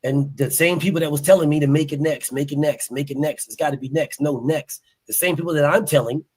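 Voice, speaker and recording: A man's voice: a little high, steady tone, brisk, slightly rough. A man talking casually about a boxing fight, emphatic and repeating himself, heard in a played-back clip.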